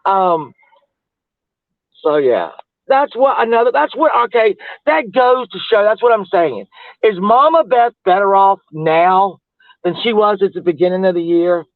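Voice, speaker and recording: A man's voice: high-pitched, expressive, measured pace, dry recording. A man chatting in a rambling, casual way on a livestream, laughing often and trailing off mid-thought. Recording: tinny phone-like dry audio.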